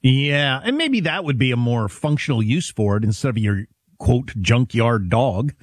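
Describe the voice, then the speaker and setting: A talk radio co-host riffing in a loose, rambling, wry way. His voice is slightly husky and moves up and down a lot. The studio sound is dry and close. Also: medium pitch, lively intonation, normal speed, dry recording. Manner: rambling, wry, many fillers. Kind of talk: casual talk radio banter.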